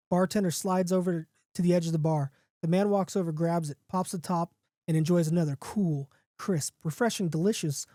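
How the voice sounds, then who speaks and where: Mellow-voiced man reading a comic horror story. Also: a little high, brisk, no room sound, studio quality. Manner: casual, jokey, with restarts and asides. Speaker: podcast host.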